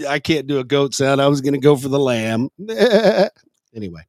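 A man's voice: mid-range voice, steady tone, no echo, clean studio sound. A man co-hosting a casual online talk show, swearing freely and laughing often. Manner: loud, swearing, quick to laugh. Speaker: co-host. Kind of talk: casual banter.

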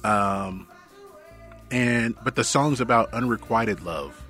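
A man co-hosting a podcast in casual chat, halting and often laughing. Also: on the low side, fairly bright tone, faint music behind. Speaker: podcast co-host.

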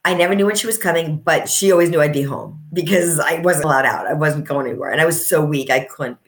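Low-voiced heartfelt woman guest. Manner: heartfelt, reflective, slows for emphasis. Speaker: guest, coach and author. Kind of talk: emotional podcast interview.

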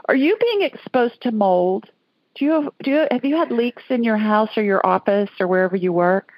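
A woman's voice: a little high, lively intonation, moderate pace, no echo. A woman from Alabama, hosting a call-in radio show in a folksy, chatty way. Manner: chatty, folksy, laughs often. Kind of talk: casual call-in radio chat. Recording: dull lo-fi audio.

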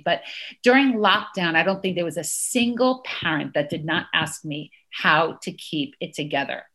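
A woman's voice: lowish voice, pushed and bright. A woman in her thirties, a parenting educator, explaining in an interview and often checking in with "right?". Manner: earnest, often adds "right?" to points.

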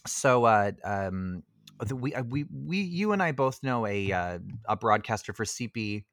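A man's voice: medium pitch, a little slow, no echo. Chatty man, dry close sound. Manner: chatty, many fillers, animated asides. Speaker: podcast co-host. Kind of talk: casual movie review chat.

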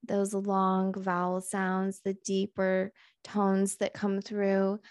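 Woman host channeling messages, mellow and even-toned, dry close sound. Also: medium pitch, slow pace, no room sound. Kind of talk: guided channeling session.

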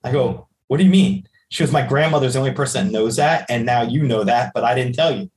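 Man, podcast guest, storyteller, acts out quoted voices, middle pitch. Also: fast talker, a little mellow. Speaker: podcast guest, psychic medium. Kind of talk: storytelling in conversation.

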